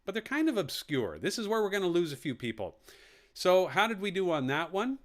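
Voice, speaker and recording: A man's voice: high voice, big pitch swings, a little fast. A man hosting a live online quiz, reading out questions and answer options and repeating them with jokey asides. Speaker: quiz host.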